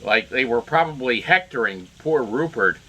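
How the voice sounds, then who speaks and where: A man delivers opinionated solo commentary in a bright, forceful voice. He rambles and circles back, stacking up fillers and restarts as he grows indignant. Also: medium pitch, expressive, moderate pace. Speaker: political commentator.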